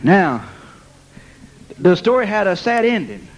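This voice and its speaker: Very animated yet measured in pace, a man with a notably high voice preaches a story-driven sermon over poor audio. Laughing along with his testimony, he sprinkles in "amen," "bless God" and "praise God."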